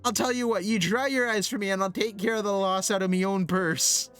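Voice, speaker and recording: A man's voice: sits high, steady tone, a little fast, fairly bright tone, smooth, soft background music. A man reading out a video game's dialogue aloud, voicing a blustering, greedy male merchant who talks in a folksy way with "ye" and "lad". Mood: gruff. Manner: indignant, folksy "ye" and "lad" put on.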